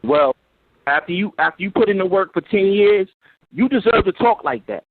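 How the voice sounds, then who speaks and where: A man calling in to a show, earnest and pleading, halting with fillers as he speaks. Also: high-pitched, animated, no room sound. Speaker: caller. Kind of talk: call-in phone talk. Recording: tinny phone line.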